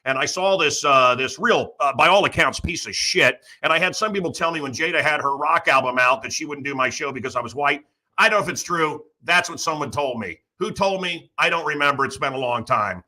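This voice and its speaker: A man's voice: on the high side, fairly quick, pushed and bright. A man hosting a talk show, delivering a sarcastic, ranting comedic monologue full of mocking asides. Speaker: radio show host.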